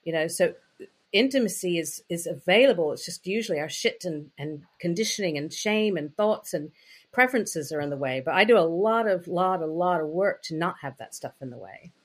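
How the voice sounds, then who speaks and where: A woman's voice: lowish voice, animated, a little fast. Frank, chatty woman telling stories. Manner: chatty, frank, full of "you know" and "like" fillers. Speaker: interview guest, intimacy coach. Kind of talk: candid conversational storytelling.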